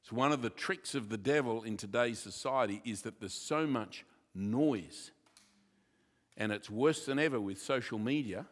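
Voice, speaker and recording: A male pastor preaches with playful asides and quick jokes. His voice sits at a medium pitch. It rings with the long reverb of a church hall. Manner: jokey, lively preaching with asides. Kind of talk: sermon.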